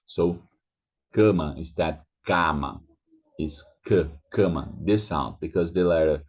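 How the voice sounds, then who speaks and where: A man with a Brazilian Portuguese accent gives a slow pronunciation lesson, saying each word again and again. His voice sits very low and has a husky edge. The recording sounds dull and lo-fi. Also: a little mellow. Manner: slow, repeats words over and over, drawn-out vowels. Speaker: language teacher.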